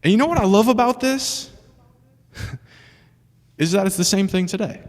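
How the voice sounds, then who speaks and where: A young man preaching a sermon to a room, animated and chatty, with laughing asides and questions for the audience. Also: high voice, normal speed. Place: church hall with an audience. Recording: long hall reverb.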